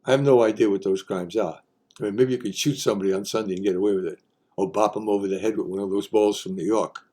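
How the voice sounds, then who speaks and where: A man's voice: lowish voice, steady tone, fast, dark tone. An older man hosting a casual explainer, talking in a folksy, wry way with joking asides. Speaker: host.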